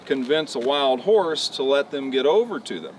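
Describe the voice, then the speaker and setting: A man's voice: mid-range voice, normal speed. Folksy man explaining horse training outdoors. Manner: folksy, relaxed, lots of "you know" fillers. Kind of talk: casual explanation on a walk-around. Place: outdoor ranch pen. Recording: distant outdoor mic, faint background noise.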